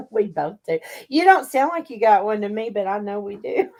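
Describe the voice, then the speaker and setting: A woman's voice: mid-range voice, animated, moderate pace, a little mellow, low-quality recording. A chatty woman from Texas with a Southern drawl, co-hosting a casual talk show and laughing often as she tells stories. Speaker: podcast co-host. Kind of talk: casual chat.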